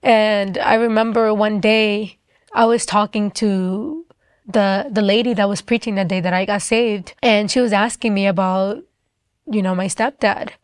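A young adult woman shares her personal faith testimony in an earnest, halting manner. She often stops and restarts, with frequent casual fillers. Her voice sits at a middle pitch and is recorded dry, with no room sound. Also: steady tone, smooth, dry recording.

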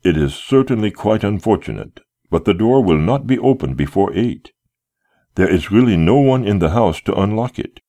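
Low, lively-voiced male reader doing a polite, unyielding gentleman host, unhurried and courteous. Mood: regretful. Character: polite smiling man, calm and unyielding.

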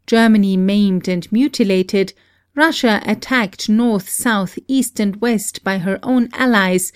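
A woman reading a memoir aloud as scripted narration, steady and earnest, with argumentative passages. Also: mid-range voice, clean tone, no room sound, studio quality. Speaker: audiobook reader.

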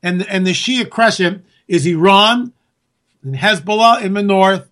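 A man's voice: high voice, measured pace, bright, forceful tone. A man hosting a talk show, delivering an indignant, sarcastic political commentary monologue and repeating phrases for emphasis.

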